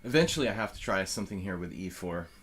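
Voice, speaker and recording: A man's voice: low voice, lively intonation, quick pace, fairly bright tone. A man giving live chess commentary as a streamer, thinking aloud in a loose, rambling way full of fillers and restarts.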